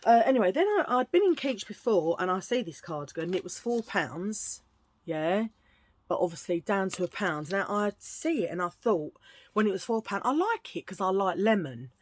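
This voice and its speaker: A woman's voice: mid-range voice, big pitch swings, normal speed. A woman chatting casually through a thrift-shop haul at home, gushing and rambling with restarts. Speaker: vlogger showing a thrift haul.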